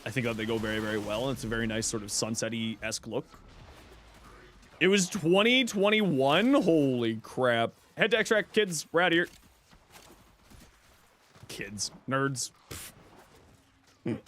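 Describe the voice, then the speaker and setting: A man's voice: medium pitch, animated, unhurried, pauses often, a bit bright. A man from Toronto, streaming and chatting casually with viewers in a laid-back, rambling way. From Toronto, Canada. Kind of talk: casual livestream chat answering viewers.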